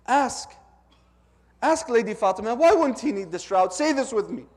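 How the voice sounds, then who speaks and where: A man delivering a mourning sermon, telling a story slowly and urging the audience to repeat lines after him. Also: very high-pitched, animated. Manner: slow, drawn-out, urges the audience to repeat lines. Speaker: speaker at a religious gathering. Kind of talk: mourning sermon with call-and-response.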